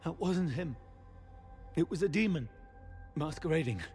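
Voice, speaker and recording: An actor playing a dying, tortured male knight who is weak and in pain, speaking in a strained, gravelly whisper in halting, broken phrases. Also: a little high, expressive, darkish tone, soft background music. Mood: urgent, bitter. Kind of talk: video game voice acting.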